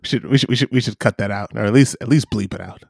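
A man's voice: fairly low pitch, rapid-fire, vocal fry, darkish tone, slightly rough, dry recording, clean studio sound. A man co-hosting a podcast, teasing and laughing in casual chat. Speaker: podcast co-host.

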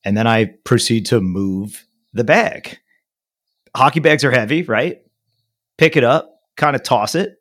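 A man's voice: mid-range voice, measured pace. A man in his thirties co-hosting a podcast, telling a story in casual chat, cursing freely and acting out the other people's lines. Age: 30s. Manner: animated storytelling, swears freely, acts out others' voices. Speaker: podcast co-host.

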